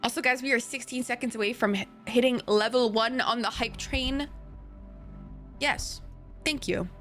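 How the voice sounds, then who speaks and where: A woman's voice: fairly high pitch, normal speed, fairly bright tone, soft background music. A young woman streaming a game and chatting with viewers, bubbly and apologetic, swearing freely and sniffling from sinus trouble. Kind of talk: casual live-stream chat.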